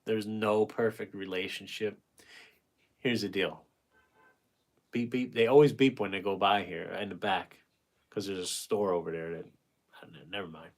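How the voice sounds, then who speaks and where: A man's voice: on the low side, steady tone, moderate pace, pauses often. A man in his forties hosting a casual livestream, reading out viewer comments and giving blunt, rambling advice, swearing freely and breaking off mid-thought. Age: 40s. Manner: gives frank dating advice to viewers by name. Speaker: painting livestream host.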